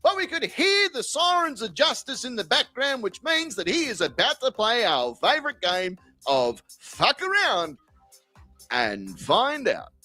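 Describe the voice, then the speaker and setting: A man's voice: very high-pitched, huge pitch swings, measured pace, bright, forceful tone, dry recording, faint music behind. A man narrating a commentary video in a crude, profane, mocking way. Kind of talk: scripted comedic commentary.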